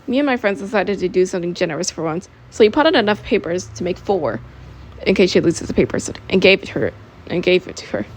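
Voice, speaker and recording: Young woman, amateur audiobook reader, lively swooping pitch, restarts and self-corrections. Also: brisk. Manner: animated, with restarts and self-corrections while reading. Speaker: author reading her own story. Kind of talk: amateur audiobook narration with character voices.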